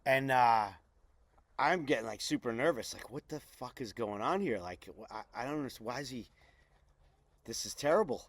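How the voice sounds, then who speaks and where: A middle-aged man, telling a lively anecdote as an interview guest and acting out the other people's lines. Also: medium pitch, normal speed. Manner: animated anecdote with quoted voices. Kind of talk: casual storytelling.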